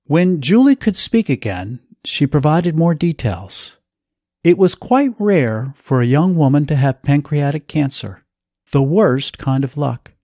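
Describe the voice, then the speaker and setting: A male storyteller reads a scripted story at an unhurried, measured pace. His fairly high voice moves through lively rises and falls. The sound is close and dry, with no room around it. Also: no echo. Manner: slow, measured reading.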